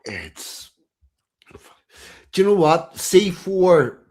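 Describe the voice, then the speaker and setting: A man's voice: sits high, sing-song, drawn-out words, a little mellow. A man hosting a casual livestream chat, talking bluntly with profanity.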